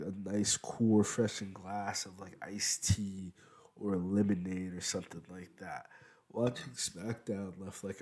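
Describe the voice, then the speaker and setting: A man's voice: fairly low pitch, mellow, slight background noise. A man giving a rambling, casual review of a wrestling show, full of fillers, talking as he eats at home. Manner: rambling, loose, many fillers. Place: at home, eating while recording.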